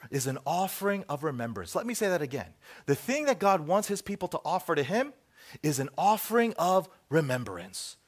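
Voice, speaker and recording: A middle-aged man preaching a sermon as pastor, telling stories and acting out bits of dialogue, then dropping to quiet asides. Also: fairly high pitch. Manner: animated storytelling, acts out dialogue, drops to soft asides.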